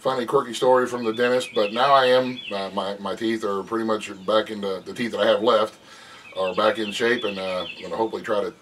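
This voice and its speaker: A man's voice: fairly low pitch, fairly even intonation, fairly quick, a bit bright. A middle-aged man chats in a loose, rambling way from his front porch and laughs often. The recording is outdoor audio picked up from a distance, with faint birdsong and passing traffic behind him. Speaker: vlogger. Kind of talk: casual chat.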